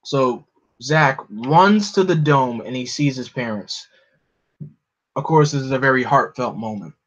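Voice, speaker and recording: A man's voice: medium pitch, a little slow, a bit bright, dull audio. A man reading a comic aloud in a casual style, with wry, joking asides.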